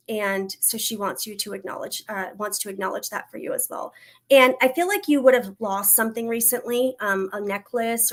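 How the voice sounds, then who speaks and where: A woman working as a psychic medium, doing a livestream reading and Q&A, talking in a soft, reassuring way with frequent pauses, fillers and restarts. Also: medium pitch. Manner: hesitant, halting, many fillers and restarts.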